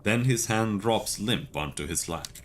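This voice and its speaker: A man streaming a video game, reading its text aloud in a steady, measured way with casual asides. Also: lowish voice, a little hiss or hum.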